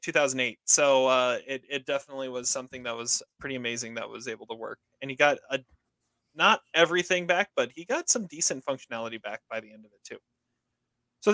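A man's voice: on the high side, bright, forceful tone, no echo. A man co-hosting a casual film podcast, rambling with many fillers and restarts. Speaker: podcast co-host reviewing films. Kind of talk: casual chat.

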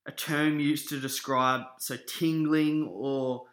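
A man's voice: on the high side, fairly even intonation, slow pace, fairly bright tone. A young Australian man co-hosting a podcast, rambling and swearing casually from a living-room lounge on a shared mic. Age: young adult. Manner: rambling, sweary, laid-back. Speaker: podcast co-host. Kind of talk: casual chat. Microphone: single shared mic. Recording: roomy echo.

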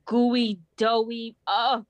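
A woman telling stories in a casual podcast chat, lively and a little profane, often laughing as she talks. Her voice sits fairly high. The sound is close and dry. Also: extremely slow, dry recording. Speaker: guest, host's sister.

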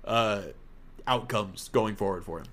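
A man's voice: fairly low pitch, measured pace. A man co-hosting a casual podcast, chatting animatedly and jokingly as he recaps a game playthrough. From Italian heritage. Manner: animated, jokey, slips into mock voices. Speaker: podcast co-host.

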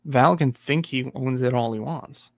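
Gravelly guy cursing and bragging, mid pitch, dry mic. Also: a little slow, no room sound. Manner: blunt, cursing, cocky. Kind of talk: casual chat.

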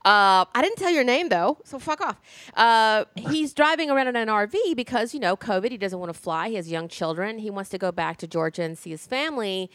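A woman's voice: mid-range voice, expressive, fairly quick, fairly bright tone, no echo. A woman from Alabama hosting a podcast in casual interview chat, blunt and swearing freely. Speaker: podcast host.

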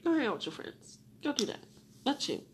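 A young woman hosting a solo podcast, talking to herself and rambling with lots of swearing, dropping to whispers and rising to loud venting. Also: high-pitched, big pitch swings, fairly quick, slight background noise. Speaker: podcast host.

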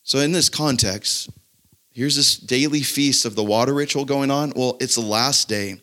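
A man gives a sermon in an easygoing, conversational manner. His voice is mid-pitched, and he stops often to read scripture aloud before explaining it. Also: moderate pace, bright, forceful tone. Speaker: pastor.

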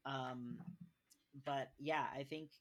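A man's voice: medium pitch, fairly even intonation, slow, a bit bright. A man casually talking through a children's book review with lots of fillers, sometimes reading passages aloud. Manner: chatty, filler-heavy, reads aloud from a picture book. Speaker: podcast co-host reviewing children's books.

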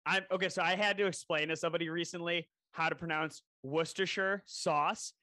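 A man's voice: on the high side, steady tone, fairly quick, sharp tone, no room sound. A man co-hosting a podcast, chatting casually and wandering into side tangents. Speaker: podcast co-host. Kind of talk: casual chat.

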